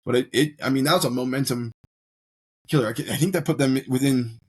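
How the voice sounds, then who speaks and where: A man's voice: medium pitch, a little fast, husky. A man co-hosting a casual sports talk show who makes dry, sarcastic asides. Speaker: co-host.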